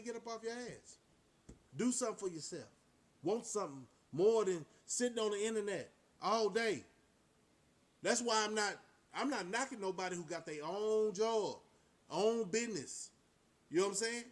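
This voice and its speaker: Man, high voice, vlogger, preachy, motivational, rhetorical questions. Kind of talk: casual monologue to camera.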